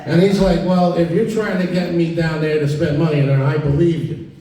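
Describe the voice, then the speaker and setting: Deadpan stand-up comedian, echoey room. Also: male voice, on the high side, brisk, a crowd in the background. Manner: deadpan storytelling, acting out quoted dialogue. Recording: echoey room, mic at a distance. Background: audience laughter.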